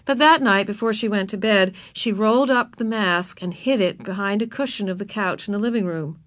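A woman's voice: mid-range voice, a little fast, a bit bright, dry recording. A woman reading a children's chapter book aloud, narrating expressively and voicing the characters.

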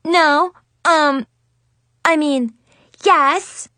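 A woman's voice: sits high, big pitch swings, slow, a bit bright, dry recording, voice pushed up, heavily acted. A woman voicing a bratty, cheeky little girl who stammers and pleads in a story reading.

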